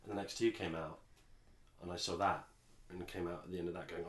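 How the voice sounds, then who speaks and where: A man's voice: sits low, level tone, a little fast, echoey room, heavy background noise. An English man co-hosting a podcast, chatting casually and rambling with frequent restarts. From England. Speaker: podcast co-host. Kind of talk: casual chat.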